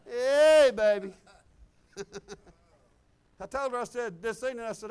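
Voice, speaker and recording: A male pastor preaching a sermon, telling personal stories in an animated, exclamatory way. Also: very high voice, a little slow, long pauses, clean tone. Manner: animated, exclamatory, chuckling storyteller.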